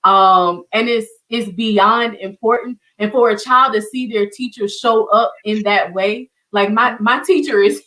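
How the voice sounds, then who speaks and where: A woman's voice: mid-range voice, fairly even intonation, unhurried, few pauses, bright, forceful tone, rough recording. A woman hosting an online community show, speaking with heartfelt emotion and often repeating her words. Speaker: host. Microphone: video call.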